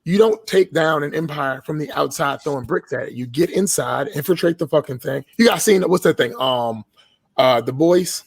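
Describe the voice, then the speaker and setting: A man tells his stories with blunt, profane emphasis. His voice sits a little high for a man. The sound is dry and close, with no room around it. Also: normal speed, vocal fry, husky, no room sound. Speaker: podcast guest. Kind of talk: casual podcast chat.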